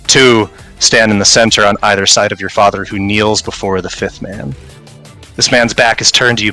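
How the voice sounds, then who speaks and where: A man narrates as game master, describing the scene to his players in measured, vivid detail. His voice sits low but rings bright and forward. Quiet music plays behind him. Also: rough recording. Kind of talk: dramatic second-person narration of a tabletop game.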